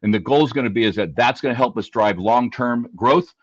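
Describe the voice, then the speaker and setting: A man's voice: medium pitch, fairly quick, husky, dry recording. Man on a dull, dry line. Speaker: dealership fixed ops leader. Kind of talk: panel discussion.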